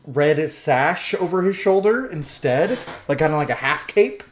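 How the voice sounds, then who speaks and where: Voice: medium pitch, expressive, a little slow. A game master narrating a tabletop game in a casual, rambling way with lots of fillers.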